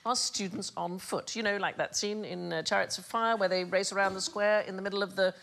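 A woman's voice: mid-range voice, steady tone, fairly quick, vocal fry, a bit bright. A woman hosting a comedy panel quiz, explaining odd facts in a teasing storytelling way. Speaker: quiz show host. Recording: studio with audience noise.

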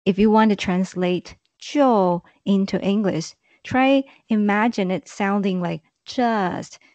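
A woman's voice: mid-range voice, takes it slowly, a little mellow, no room sound, lo-fi sound. A woman who teaches languages, patiently explaining word usage in a casual podcast lesson, with frequent ums and uhs.

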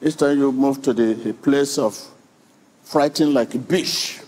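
A man's voice: mid-range voice, a little slow, darkish tone, breathy edge. A man preaching a sermon with emphatic repetition, drawing in the congregation. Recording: long reverb of a large hall.

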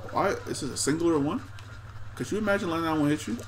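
A young man casually commenting on his own gameplay, excitable and trash-talking the other players. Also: on the high side, quick pace. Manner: excitable, talks to himself and chat, trash-talks players. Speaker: gaming streamer.

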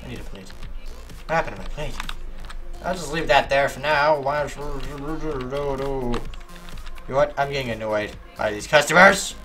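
A man giving animated let's-play commentary, yelping and talking back to the game's characters as he plays. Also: medium pitch, a little slow, faint music behind. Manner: animated, yelps at game characters. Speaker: gaming YouTuber.

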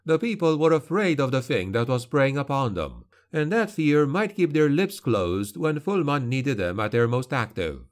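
A man narrating a dark fantasy audiobook in a steady, grim, even delivery. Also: mid-range voice, normal speed, few pauses.

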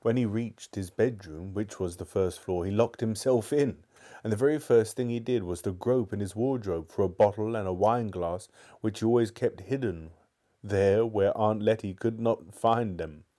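A man's voice: lowish voice, moderate pace, dark tone. A man reading a children's novel aloud live, sometimes stumbling and restarting lines. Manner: stumbles and restarts, apologizes to viewers. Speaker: book reader.

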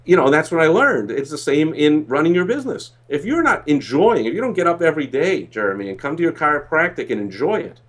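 Guy telling business stories in an interview, lively, does little voices for people he quotes. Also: fairly high pitch, fast, hardly any pauses. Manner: animated, acts out quoted voices. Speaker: business coach and consultant. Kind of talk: interview storytelling.

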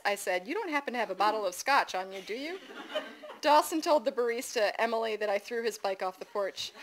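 A middle-aged woman reading her own memoir stories to an audience at a festival, with lively, amused asides and a raised pitch for the children's lines. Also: a little fast, rough recording. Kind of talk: live reading of personal essays.

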